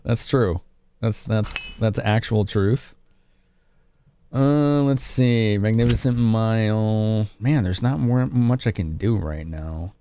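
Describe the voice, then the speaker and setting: A man's voice: fairly low pitch, takes it slowly, warm tone, a little hiss or hum. A man from Chicago streaming a game live, chatting casually with his viewers. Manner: casual, chatty, laughing with chat.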